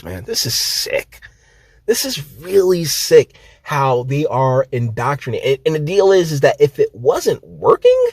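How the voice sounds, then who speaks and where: Brief: sarcastic profane vlogger, thirties, lively swooping voice, dry close sound. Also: male voice, fairly high pitch, no room sound. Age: 30s. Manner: sarcastic, profane, many restarts. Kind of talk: ranting commentary.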